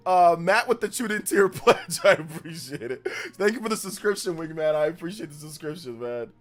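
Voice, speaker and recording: Streamer dude, kinda high voice, ranting then saying sorry, faint music behind. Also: male voice, expressive, brisk, hardly any pauses. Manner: ranting, exasperated, apologetic. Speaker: livestream host. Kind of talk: casual livestream chat.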